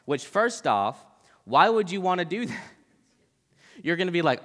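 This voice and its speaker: A man giving a casual, joking Bible talk, acting out the people in the story in quick voices. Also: on the high side, big pitch swings, fairly bright tone, long reverb tail.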